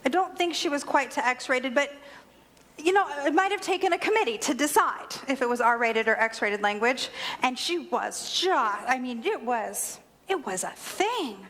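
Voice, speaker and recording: A woman's voice: sits high, animated, moderate pace, a bit bright. A woman minister giving a sermon, telling a personal story with humor and animation. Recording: long hall reverb.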